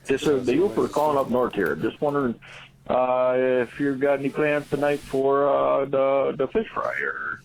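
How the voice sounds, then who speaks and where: A man calling in, voicing a folksy northern Midwest hunter with a put-on regional accent and slow, hesitant drawl. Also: mid-range voice, expressive, gravelly, rough recording. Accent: put-on upper Midwest. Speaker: caller. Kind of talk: voicemail comedy bit.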